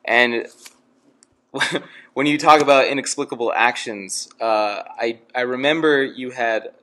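A young man asks interview questions for a student club, hesitant and filling his pauses with "uh". His voice has a mid pitch, and his delivery stays unhurried. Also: pushed and bright. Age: young adult. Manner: hesitant, with many fillers.

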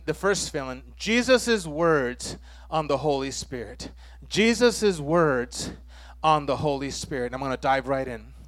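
A high-voiced man preaching to his congregation, prompting them with "amen?" and pushing his voice toward a shout at the peaks. The sound is close and dry. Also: dry recording. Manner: call-and-response preaching, frequent "amen?", rising to near shouts. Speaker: pastor. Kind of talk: sermon.

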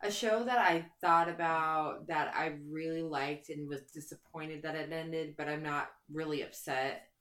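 A woman with a very low voice and a bright, forceful tone chats on a podcast. She talks with gushing enthusiasm and swears freely. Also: fairly even intonation, a little slow. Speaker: podcast co-host. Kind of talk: casual chat.

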